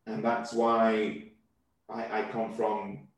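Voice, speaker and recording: A man from Nigeria, a comedian speaking as a guest in a casual interview, quick and animated, often repeating words as he thinks. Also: lowish voice. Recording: very echoey room.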